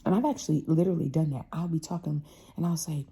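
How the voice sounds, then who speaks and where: A woman hosting a casual motivational talk, animated and passionate, sometimes acting out her family's voices. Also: sits low, fast talker, gravelly, slightly rough. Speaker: host.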